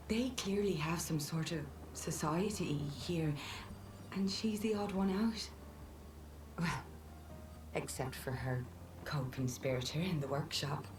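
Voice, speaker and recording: A woman voicing a female expedition member who reads her journal in a thoughtful, half-whispered voice. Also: fairly low pitch. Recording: distant game audio with background noise.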